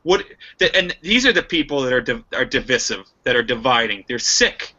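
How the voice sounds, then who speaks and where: A young man from the United States in a heated, animated political discussion, talking fast with many restarts. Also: mid-range voice. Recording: muffled lo-fi recording.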